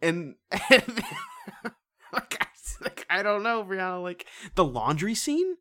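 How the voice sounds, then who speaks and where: A podcast co-host reviewing a horror movie in casual chat, animated, swearing and laughing often, with many fillers. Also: medium pitch, slow pace.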